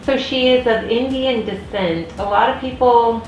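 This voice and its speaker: A woman in her thirties, a General American speaker from the United States, rambles through a casual vlog rant full of fillers and restarts. Chatty, her voice sits on the high side at a moderate pace, with the highs cut off. She's recorded in an echoey room with faint noise.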